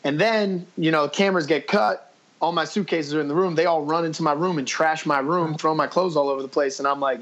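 A man's voice: on the high side, steady tone, quick pace, a bit bright, lo-fi sound. Brash, swearing man telling stories. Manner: profane, quotes himself with "I was like"; blunt and brash. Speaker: podcast guest. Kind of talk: casual interview storytelling.

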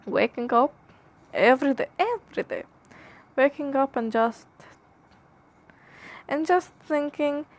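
A woman whose first language is Punjabi, hosting a podcast in a rambling comic monologue, speaking in a theatrical put-on foreign accent and drifting into musing. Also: high-pitched. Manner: musing, drifting between jokes and philosophy. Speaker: podcast host.

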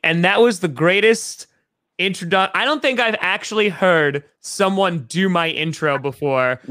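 A man's voice: high voice, sharp tone. A man in his thirties from New York, an enthusiastic podcast guest chatting casually in a rambling way.

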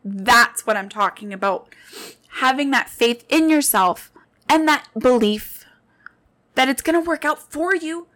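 A woman in her late twenties hosts her own podcast, speaking in a fairly high voice. She shares personal stories in an earnest, heartfelt monologue and addresses her listeners directly. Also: animated, a little slow, fairly bright tone. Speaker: podcast host.

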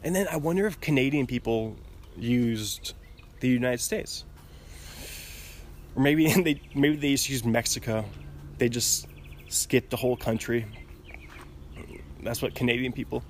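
Slow, rambling giggly young man. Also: mid-range voice, a little hiss or hum. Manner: rambling, giggly, restarts often. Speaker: podcast host. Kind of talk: casual solo podcast monologue.

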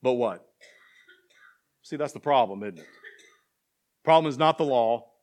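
A pastor with a mid-range, darkish voice and lively intonation preaches a little slowly to his church. He questions the congregation call-and-response style, and his intensity climbs into emphatic passages.

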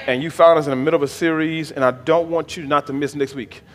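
A man's voice: on the high side, fairly even intonation, fast talker, long reverb tail. A man, the bishop of his church, preaching a sermon with call-and-response and folksy jokes to the congregation. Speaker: pastor, bishop. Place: church sanctuary.

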